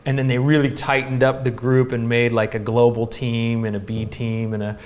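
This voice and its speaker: A man in his thirties tells a long story as a guest in a casual interview. He leans on fillers and quick restarts. His pitch sits in the middle of the male range. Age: 30s. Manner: animated, laughing, filler-heavy storytelling. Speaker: guest, pro snowboarder.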